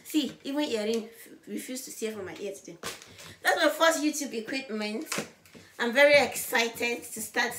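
A woman vlogging to camera, loud and bubbly, with a voice she calls high and loud. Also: a little hiss or hum. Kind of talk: casual vlog to camera.

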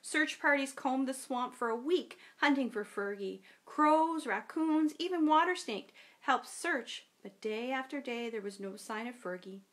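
A woman pastor reading a children's story in a worship service, with a gentle storybook delivery. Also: high-pitched, expressive, a little slow, few pauses.

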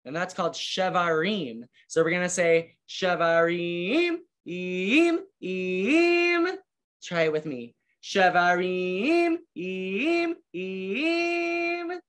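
A woman's voice: lowish voice, moderate pace, few pauses, bright, forceful tone. A woman leading a children's service, singing and chanting sounds for little kids to copy in a playful way. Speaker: song leader with guitar. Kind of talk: leading children in song and call-and-response.

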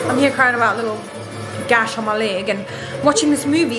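A woman's voice: fairly high pitch, fairly quick, music in the background. A young woman, talking casually to camera in a rambling, chatty vlog. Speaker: vlogger.

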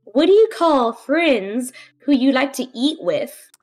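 A young woman guesting on a stream, giggly and a little shy, pausing to find her words and telling puns. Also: high voice, animated, a little mellow, faint music behind. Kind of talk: casual chat.

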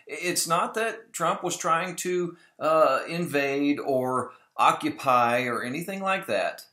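A man's voice: fairly high pitch, bright, forceful tone. A man talking casually and with strong opinions in a commentary vlog about Bible prophecy, often mimicking other people mockingly. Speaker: video blogger on Bible prophecy. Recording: roomy echo.

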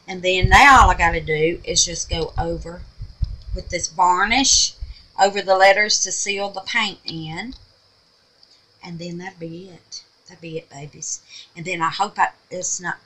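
Woman, craft vlogger, bright tone, homey chatty delivery, sweet-talks the viewers. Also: lowish voice, low-quality recording. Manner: chatty, calls viewers babies and honey. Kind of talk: casual crafting tutorial. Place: home craft room.

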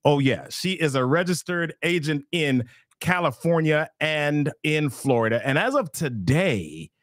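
Lively male live-show host. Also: a little high, unhurried, no echo, clean studio sound. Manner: lively, playful, fumbles names. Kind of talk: live show hosting, reading chat.

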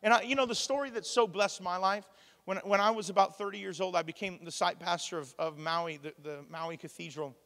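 A man, preaching a lively sermon and acting out the voices he quotes. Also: high-pitched, brisk. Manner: animated, plays out quoted voices, laughs often. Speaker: pastor. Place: church hall. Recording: long hall reverb.

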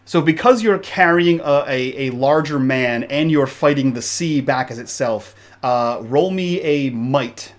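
A man at mid pitch runs a tabletop role-playing game, describing the action in a loose, off-the-cuff narration. He pauses and restarts as he builds the scene, then turns it back to the players. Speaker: game master.

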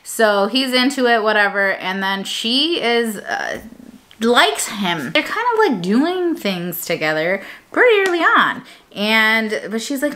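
A young woman vlogging in a casual, rambling chat, full of fillers and quick self-corrections. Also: a little high, very animated, sharp tone.

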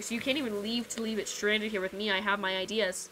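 A woman's voice: mid-range voice, steady tone, fast, bright, forceful tone, slight background noise. A woman streaming a video game, chatting casually with viewers in a playful, teasing way. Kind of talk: casual live-stream chat while playing a game. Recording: game music playing behind the voice. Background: video game background music.

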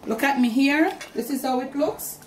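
A woman's voice: sits high, normal speed, echoey room, noisy background. A woman with a Jamaican accent hosting a home cooking demonstration, talking chattily straight to the camera and mixing in Patois. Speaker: cooking channel host. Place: home kitchen.

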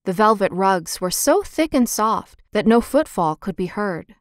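A woman narrating a children's chapter book in a clear, gentle, expressive reading. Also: mid-range voice, unhurried, no room sound, studio quality. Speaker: audiobook narrator. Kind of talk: scripted storybook narration.

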